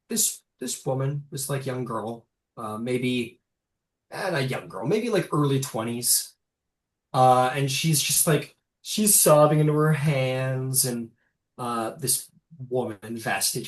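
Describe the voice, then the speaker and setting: A man narrating as game master, casual and halting with many restarts. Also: mid-range voice. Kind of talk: narrating a tabletop game online. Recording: roomy echo.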